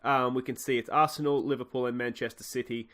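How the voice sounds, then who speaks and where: A man's voice: medium pitch, steady tone, quick pace, fairly bright tone. An Australian man hosting a video game let's play, chatting casually and thinking aloud with frequent fillers.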